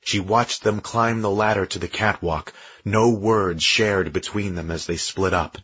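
A man with a very deep, husky voice reads a science-fiction audiobook in steady, measured narration. The sound is dry and close, with a dull, lo-fi band. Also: dry recording. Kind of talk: scripted narration.

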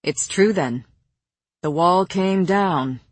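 A woman voicing a scornful, suspicious male warlord who speaks gruffly and bluntly. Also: on the low side, slow pace, no echo.

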